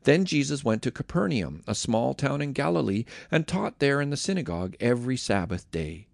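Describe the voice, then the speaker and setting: A man reading scripture aloud in a measured, expressive way, then giving a casual devotional comment on a close mic. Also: mid-range voice, creaky, no room sound. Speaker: Bible reader and podcast host.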